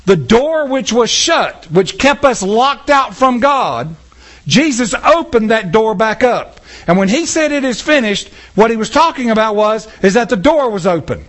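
A man with an extremely high voice preaches a little slowly in church, animatedly acting out scenes with a volunteer from the congregation in a sermon built on audience interaction.

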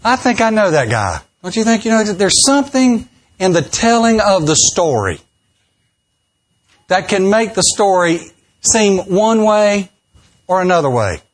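A folksy man preaching from the pulpit, his voice sitting a touch higher than most men's. He leans into humorous stories and playfully switches into the voices of the people in them. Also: big pitch swings, measured pace. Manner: folksy, joking, acts out quoted voices. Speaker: pastor. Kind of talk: humorous sermon storytelling.

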